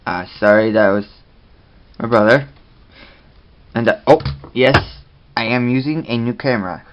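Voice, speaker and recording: A man hosting a casual toy review vlog, talking in a rambling, halting way. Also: mid-range voice, lo-fi sound, slight background noise.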